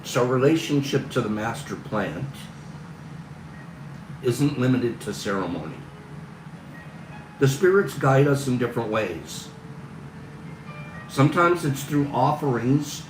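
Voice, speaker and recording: A man's voice: mid-range voice, echoey room, far from the mic, background noise. A man hosting a livestream, talking in a casual, earnest, rambling way. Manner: earnest, rambling, talks through frustration. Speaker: livestream host.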